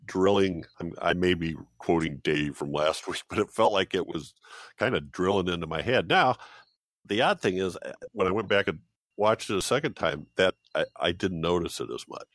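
Deep-voiced man, measured film critique. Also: fairly bright tone, no echo. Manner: measured, thoughtful, hesitant. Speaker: film podcast reviewer. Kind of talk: casual podcast chat.

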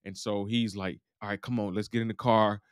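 A man's voice: lowish voice, little pitch movement, brisk, clear, resonant tone, no echo, studio quality. Casual man recapping a TV episode. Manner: loose, talky retelling that acts out characters' lines.

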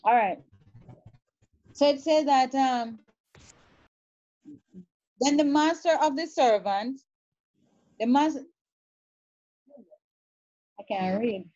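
A woman's voice: high voice, dark tone, no room sound. A woman teaching a sermon and reading scripture aloud, often repeating words and checking in with the listeners. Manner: halting, repeats words, checks with "all right?". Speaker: preacher. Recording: dull, dry, lo-fi sound.

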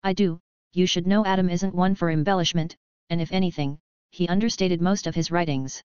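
A woman voicing a thoughtful, hesitant man who speaks in a measured way, in a dry, dull lo-fi recording. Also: lowish voice, fairly even intonation, darkish tone, clear, resonant tone, no room sound, natural voice.

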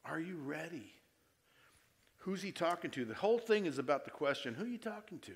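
A man preaching a sermon to his church, moving between quiet appeals and loud emphatic stretches and asking his listeners direct questions. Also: fairly high pitch, expressive, fairly quick, vocal fry. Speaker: pastor. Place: church service before a congregation.

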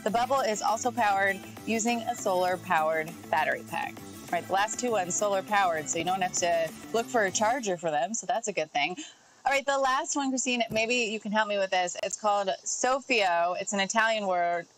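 A woman's voice: mid-range voice, fairly quick, faint music behind, low-quality recording. A woman guest on a television lifestyle show, casually walking through a list of gadgets and reading product details with her own offhand asides. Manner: chatty, informal, reads product notes with asides. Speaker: tech segment guest. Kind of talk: casual TV segment chat. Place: TV studio.

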